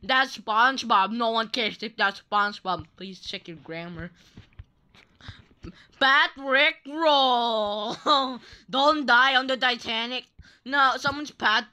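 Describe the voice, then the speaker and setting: A woman's voice: on the high side, unhurried, sharp tone, smooth. A young woman giving playful, teasing commentary while playing an online game, laughing often. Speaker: gaming channel host. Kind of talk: Roblox gameplay commentary.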